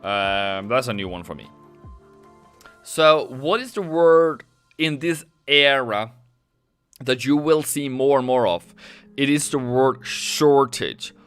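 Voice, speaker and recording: A man's voice: mid-range voice, expressive, slow, pauses often, fairly bright tone, clean tone, faint music behind. A man from Norway, giving chatty live market commentary that rambles and often corrects itself. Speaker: trading streamer.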